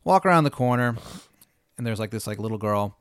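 Animated man spinning a comic story. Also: fairly low pitch, a little fast, smooth, no echo, clean studio sound. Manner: swearing, animated, playful. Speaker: podcast host. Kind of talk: improvised storytelling.

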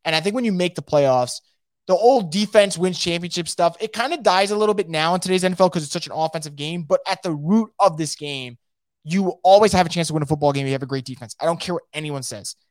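Fast-talking, excitable podcast host man. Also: fairly high pitch, no echo, studio quality. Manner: fast, excitable, emphatic, repeats words. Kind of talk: casual live sports talk, reading viewer comments.

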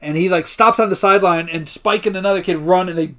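A man's voice: high voice, quick pace, a bit bright. A man co-hosting a podcast, casually retelling a movie's plot play by play with loose profanity and frequent laughter. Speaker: podcast co-host. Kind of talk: casual movie recap chat.

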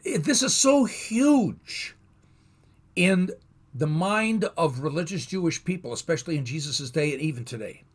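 A man teaching a Bible lesson in a thoughtful, explanatory way, pausing and restarting as he goes. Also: fairly high pitch, a bit bright, husky.

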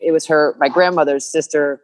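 Low-voiced woman telling a heartfelt story. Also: fairly even intonation, fairly quick, poor audio. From New Jersey, USA. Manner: rambling, earnest, with frequent fillers and restarts. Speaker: musician guest. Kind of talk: candid interview conversation.

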